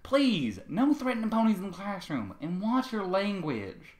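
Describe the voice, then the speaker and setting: A man's voice: high-pitched, very animated, normal speed, a little mellow, echoey room, voice pushed up. A man voicing a young, earnest filly who scolds her uncle and nervously covers for him. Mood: anxious. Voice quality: pleading, nervous.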